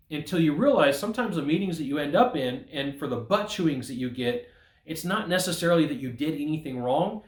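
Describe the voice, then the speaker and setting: A man giving sales advice in a casual vlog, talking straight to the camera and acting out what bosses say. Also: reverberant. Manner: animated, acts out quoted bosses in higher voices. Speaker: sales consultant. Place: outdoors.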